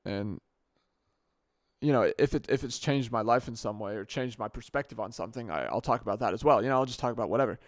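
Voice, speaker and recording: This young man hosts a casual solo podcast, rambling and frequently restarting or correcting himself partway through sentences. His medium-pitched voice moves at a quick pace. It's captured dry and close on a good podcast microphone.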